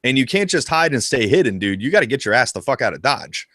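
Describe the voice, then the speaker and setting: A man co-hosting a casual live discussion about a video game, talking in an excitable, profane and animated way. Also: mid-range voice, quick pace, no echo, clean studio sound. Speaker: co-host of a retro gaming show.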